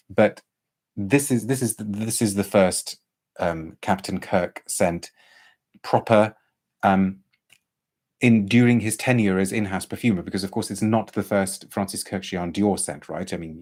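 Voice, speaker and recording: Guy with a lowish voice doing a casual live stream, reads out comments, lots of restarts. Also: darkish tone. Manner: chatty, reads viewer comments aloud, frequent restarts. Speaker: perfume reviewer hosting a live stream.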